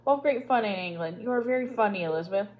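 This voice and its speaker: A haughty English lady, done by a woman reading the story, lays out her plans in a condescending drawl. Her manner is grating and superior, talking down to a little girl. She mocks even while she sounds polite. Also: mid-range voice, rapid-fire, phone-quality sound, close to an everyday voice. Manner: condescending, mocking.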